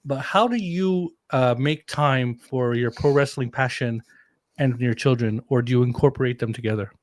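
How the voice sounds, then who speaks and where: A man hosting a podcast interview, jokey and excitable, laughing often. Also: medium pitch, moderate pace, no echo. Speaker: podcast host. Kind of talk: casual interview chat.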